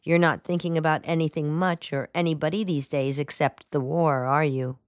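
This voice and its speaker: A woman's voice: low-pitched, moderate pace, no echo, lightly acted. Woman reading as a spirited young woman, teasing banter, dry close sound. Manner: lively, mocking banter.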